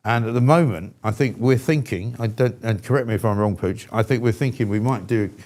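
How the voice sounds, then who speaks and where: A man's voice: fairly low pitch, brisk, a little mellow. A man hosting a live talk show, speaking bluntly and with exasperation, in an irascible style. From England. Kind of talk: opinionated live show chat.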